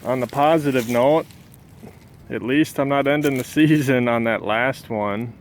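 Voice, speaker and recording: Man, outdoor vlogger, flat monotone delivery, mid-range pitch, faint outdoor noise behind him. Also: measured pace. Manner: calls his own voice monotone. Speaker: shed hunting vlogger. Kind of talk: casual outdoor vlog narration. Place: outdoors in rural country, walking back to a truck.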